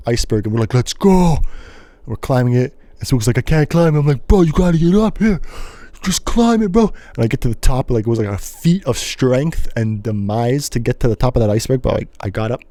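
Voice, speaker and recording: A young man hosting a solo podcast, telling a rambling story in an animated way with sudden loud yelps and bits of singing. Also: medium pitch, no room sound. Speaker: host.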